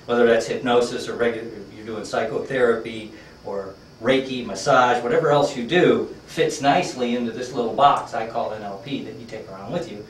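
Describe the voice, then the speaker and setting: A man's voice: medium pitch, brisk, reverberant, distant mic, a little hiss or hum, rough recording. A man teaching a workshop class, telling a story in a conversational, folksy way with lots of fillers. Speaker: workshop trainer.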